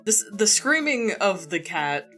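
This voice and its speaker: A woman's voice: medium pitch, sing-song, a little slow, fairly bright tone. A young woman streamer chatting casually into a borrowed mic at home, rambling and laughing often. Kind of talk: casual live-stream chat. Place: home room. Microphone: borrowed desk mic. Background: faint background music.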